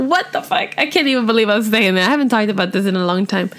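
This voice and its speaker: A young woman, telling a storytime vlog in an animated, chatty way full of "like" and "literally". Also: medium pitch, fast, hardly any pauses. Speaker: vlogger.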